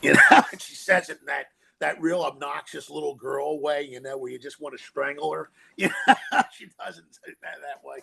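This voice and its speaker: A man guest in an interview, an animated storyteller who acts out quotes and laughs often as he recalls directing films. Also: fairly high pitch, moderate pace, creaky, a little hiss or hum.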